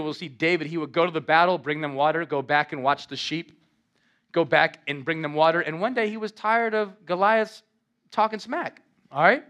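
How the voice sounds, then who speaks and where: A male pastor preaching an animated, conversational sermon in a church, acting out quotes from scripture. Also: a little high. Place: church in Las Vegas.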